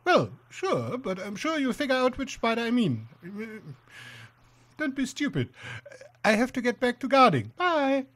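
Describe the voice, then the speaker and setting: A man's voice: very high-pitched, huge pitch swings, unhurried, a bit bright, voice pushed up, heavily acted. A man voicing an eager, simple-minded male spider guard in a game playthrough. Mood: chatty. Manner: earnest, proud and simple-minded.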